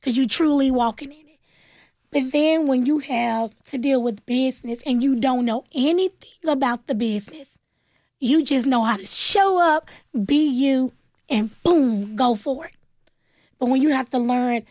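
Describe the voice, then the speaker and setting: This nonprofit founder, a guest on a radio program, recounts her own story with animation and plain speech, slipping into the voices of those she quotes. Her voice is high, her pace moderate, and the studio-quality recording is dry.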